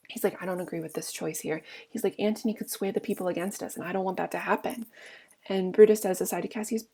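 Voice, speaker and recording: A woman's voice: fairly low pitch, steady tone, fast talker, gravelly, a little mellow. A woman teaching a play, reading each line aloud and then paraphrasing it in plain everyday talk. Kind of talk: casual read-aloud lesson with paraphrase.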